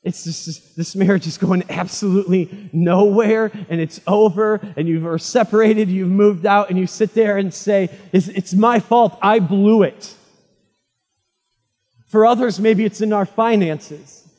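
In a hall with a long reverb, a male pastor preaches in a high, husky voice, retelling the story dramatically as he climbs loud and fervent, then drops to a hush. His intonation stays fairly even, his speed normal, and he pauses little.

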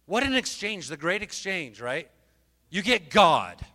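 Male preacher, fervent and emotional, bright forceful tone, booming reverb of a festival stage. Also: very animated, measured pace. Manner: fervent, exhorting, swings from loud to hushed; emotional, repeats and restarts words. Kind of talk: sermon.

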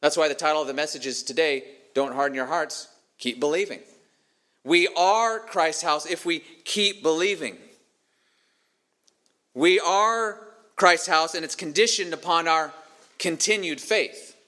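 A man's voice: fairly high pitch, unhurried, bright, forceful tone. A man preaching a sermon as pastor, earnest and emphatic, repeating his key phrases.

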